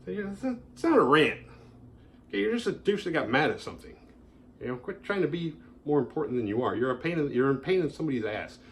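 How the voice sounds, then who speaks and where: A man ranting casually about his day as the host of a horror movie review show, sarcastic and animated, swearing freely and mocking people in exaggerated voices. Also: a little high, fast talker, a little hiss or hum.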